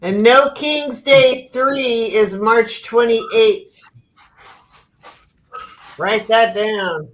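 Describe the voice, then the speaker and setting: Slow-talking woman hosting a video call chat. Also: fairly high pitch, low-quality recording. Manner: chatty, laughs often while telling stories. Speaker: host. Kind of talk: casual livestream chat.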